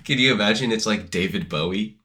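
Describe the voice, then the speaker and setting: A man's voice: on the low side, sharp tone. A young man co-hosting a casual podcast with his father, joking and laughing as he mimics scenes. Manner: laughing, joking, quick mock quotes. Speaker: podcast co-host, son. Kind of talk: casual chat.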